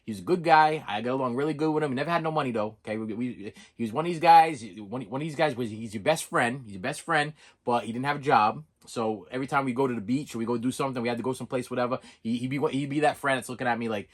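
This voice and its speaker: A middle-aged man vlogging casually, telling a story in an animated way and repeating himself for emphasis. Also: mid-range voice, fast. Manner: animated, repetitive, excitable.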